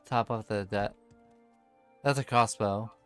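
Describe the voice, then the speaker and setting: A man's voice: on the low side, steady tone, takes it slowly, smooth, no room sound, faint music behind. A man in casual gaming chat, rambling and laughing, with many fillers as he plays. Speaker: game streamer.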